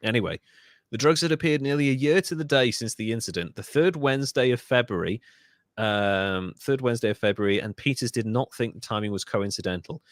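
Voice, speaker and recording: A man's voice: medium pitch, brisk, dry recording. Welsh man telling a story, dry close sound. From Wales. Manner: reads a story aloud with asides and self-corrections. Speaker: podcast host. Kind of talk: casual storytelling podcast.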